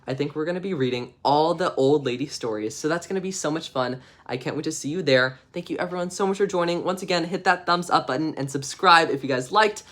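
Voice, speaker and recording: A man's voice: a little high, a bit bright. A man hosting a livestream, reading children's picture books aloud with playful, chatty asides to viewers. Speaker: streamer reading bedtime stories. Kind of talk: casual storybook reading on a livestream.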